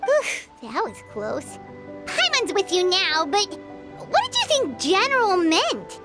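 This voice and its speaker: A woman's voice: very high voice, wildly swooping pitch, slow, exaggerated voice. A woman voicing a tiny, chirpy female fairy companion who teases and talks about herself in the third person, for a video game. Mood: teasing. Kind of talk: game voice acting. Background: game music.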